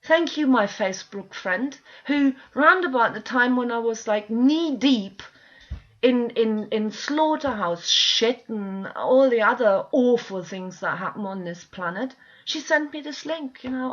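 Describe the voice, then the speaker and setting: High-voiced woman venting on a home vid, slow and fed up, swears a lot, muffled lo-fi sound. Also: expressive, fairly bright tone. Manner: exasperated, pleading, swears often. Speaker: vlogger. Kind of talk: emotional direct-to-camera rant. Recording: dull lo-fi home video sound.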